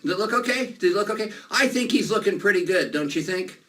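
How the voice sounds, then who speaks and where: A man performing a children's magic show, playful and animated as he talks to the kids. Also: sits high, fast. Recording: distant mic, faint noise.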